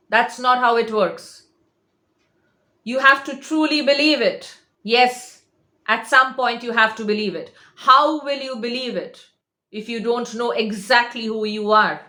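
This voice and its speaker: Lady coaching, pushy and repeats stuff a lot, kinda high voice, echoey room. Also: a little slow, bright, forceful tone. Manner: insistent, repeats herself, emphatic. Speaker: manifestation coach. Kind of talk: direct-to-camera motivational talk.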